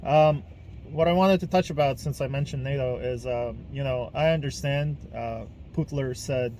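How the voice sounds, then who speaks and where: A man's voice: mid-range voice, fairly even intonation, moderate pace, mellow, a little hiss or hum. A man from Ukraine, hosting a casual podcast monologue in a blunt, emphatic way, swearing freely. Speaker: podcast host.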